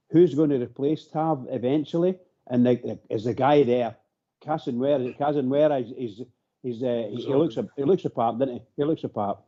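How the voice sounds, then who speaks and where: A man's voice: mid-range voice, warm tone, muffled recording. A man on a radio phone-in, talking casually and restarting his sentences. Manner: stammers on restarts. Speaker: phone-in participant.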